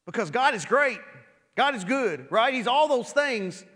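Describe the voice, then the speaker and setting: A high-voiced man preaches in a loose, conversational way, often circling back and repeating words as he restarts a thought. His voice carries a long reverb from the large hall around him. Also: expressive, a little slow, fairly bright tone. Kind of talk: sermon.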